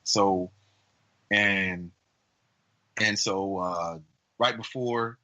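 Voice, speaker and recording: A man co-hosting a podcast, telling a long story in a casual, rambling way with many fillers and lively acted-out voices. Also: sits low, extremely slow, poor audio. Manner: animated, acts out quoted voices. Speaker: podcast co-host.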